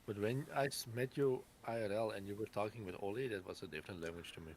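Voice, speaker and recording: Non-native English man, guest, halting questions, lowish voice, faint hiss. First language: not English. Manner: halting, asks questions in second-language English. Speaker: co-player guest. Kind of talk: casual chat while gaming.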